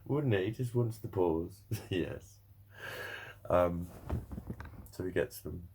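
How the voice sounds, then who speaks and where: A young man talks in a low voice, rambling loosely from one thought to the next. He swears freely and breaks into laughter often as he chats to camera. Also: lively intonation, slow, gravelly, a little mellow, a little hiss or hum. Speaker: vlogger. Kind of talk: casual chat to camera.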